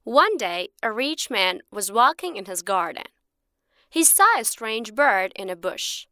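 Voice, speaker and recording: A woman narrating a textbook short story in a clear, expressive, teacherly way. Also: on the high side, unhurried, dry recording, clean studio sound.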